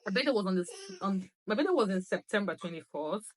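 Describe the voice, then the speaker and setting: A young woman who talks excitedly, laughs often and repeats herself as she reviews a phone in a casual vlog recorded on the phone. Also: medium pitch, fast. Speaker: lifestyle vlogger. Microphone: phone camera.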